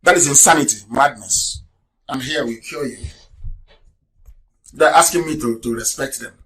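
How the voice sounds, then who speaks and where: A man hosting a live radio broadcast, firing rhetorical questions, mocking his critics and breaking into shouts. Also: medium pitch, normal speed. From Nigeria. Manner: scornful, mocking. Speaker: broadcast host.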